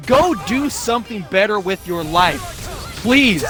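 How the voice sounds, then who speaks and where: A man's voice: high voice, animated, measured pace, over music. A young man streaming live, ranting casually with lots of swearing and mocking put-on quotes of other people.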